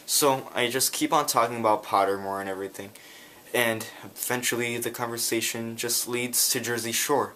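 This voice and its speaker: A man telling a rambling story in a casual vlog, talking in quick bursts. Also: medium pitch, fairly even intonation, bright, forceful tone, slight background noise. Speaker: vlogger.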